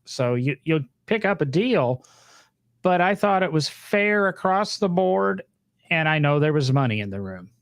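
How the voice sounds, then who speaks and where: A man's voice: fairly high pitch, expressive, measured pace, creaky, no room sound, clean studio sound. A man co-hosting a podcast, chatting casually in a rambling way with fillers and joking asides. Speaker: podcast co-host. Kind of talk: casual chat.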